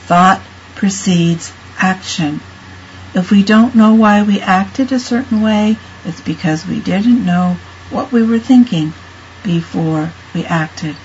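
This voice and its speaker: A woman leading a guided reflection talk as a meditation teacher, speaking in a calm, measured and soothing way. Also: medium pitch, a little hiss or hum. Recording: dull lo-fi recording.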